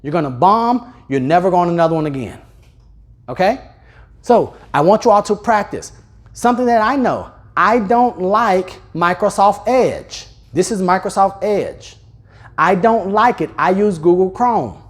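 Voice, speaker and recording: A man leading a live sales seminar in a training room, addressing the audience with questions and deliberately speeding up, slowing down, and shifting his volume. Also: sits high. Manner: energetic, speeds up and slows down, louder and softer on purpose. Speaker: real estate sales trainer.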